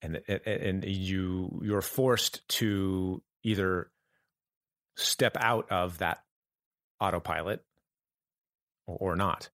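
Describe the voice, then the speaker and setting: Low-voiced man, halting and thoughtful. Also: fairly even intonation, fairly bright tone, no echo, studio quality. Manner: halting, thoughtful, many restarts. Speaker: guest. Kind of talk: reflective conversation.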